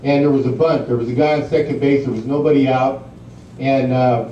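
In a large banquet hall, a middle-aged guest speaker at an induction ceremony tells rambling stories packed with fillers and laughs at them himself. He talks a little fast in a mellow, medium-pitched voice with fairly even intonation, and the recording is distant, muffled and echoey with a little hiss or hum.

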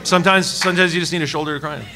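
A man preaching a sermon at a church service, telling a personal story in an animated, joking way. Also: fairly high pitch, rapid-fire, heavy background noise. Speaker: pastor. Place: church service before a congregation. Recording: live church hall with crowd. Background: audience laughing and calling out.

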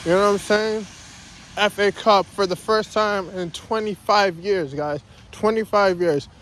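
A man's voice: high voice, steady tone, measured pace, a bit bright, slight background noise. A man ranting in a casual vlog while walking around his neighborhood outdoors, repeating himself and calling out "guys" again and again. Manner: repetitive, ranting, says "guys" constantly. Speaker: vlogger.

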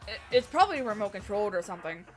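A woman streaming a game, reading it aloud and joking, animated and swearing at times. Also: mid-range voice, rapid-fire, faint music behind. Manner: animated, jokey, swears and laughs often. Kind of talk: live game playthrough with voice acting.

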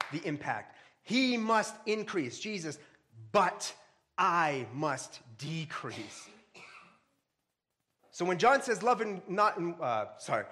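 Male pastor, high voice, casual joking sermon, reads verses, bursts into loud calls. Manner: casual, joking preaching with sudden loud rises; reads scripture aloud between asides.

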